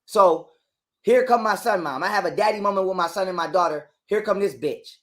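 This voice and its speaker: A man's voice: high voice, fairly quick, fairly bright tone. A man telling a heated, profane story as a guest on an interview show. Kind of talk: casual storytelling.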